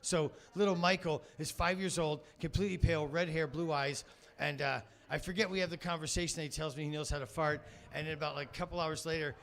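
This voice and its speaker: A man's voice: on the high side, fairly even intonation, quick pace, fairly bright tone. A man doing stand-up comedy in a club, telling a rambling, profane story and laughing at his own jokes. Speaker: amateur stand-up comic.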